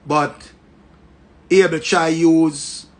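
A man with a Jamaican accent giving animated, joking commentary and repeating his phrases. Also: on the high side, extremely slow. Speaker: social media commentator. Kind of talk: casual commentary.

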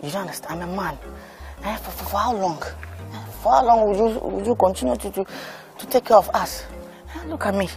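A man's voice: high-pitched, a little fast, vocal fry, a little mellow, faint music behind. A man with a Nigerian English accent playing a broke, self-pitying boyfriend in a film drama.

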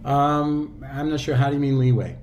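A man in his sixties, an audiobook narrator and actor, chatting as a guest in a relaxed, reflective way with loose fillers and restarts. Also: mid-range voice, moderate pace, dull audio, a little hiss or hum. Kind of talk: casual interview chat.

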